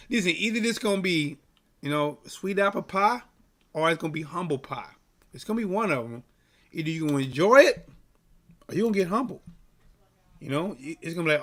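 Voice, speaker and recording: A man hosting a casual live stream about sports, talking to his chat in an animated, repetitive way and hyping up his viewers. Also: a little high, brisk, pauses often. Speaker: livestream sports host.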